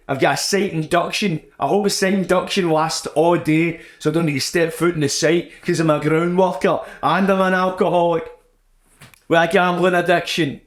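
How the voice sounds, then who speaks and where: A man's voice: fairly high pitch, echoey room, natural voice. A man with a Glaswegian accent voicing a weary male ground worker who rants crudely and pities himself. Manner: crude, self-pitying rant.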